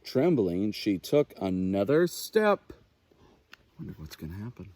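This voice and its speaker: A man, a naturalist, reading a children's picture book aloud with expressive, unhurried storytelling. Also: fairly low pitch, a little hiss or hum.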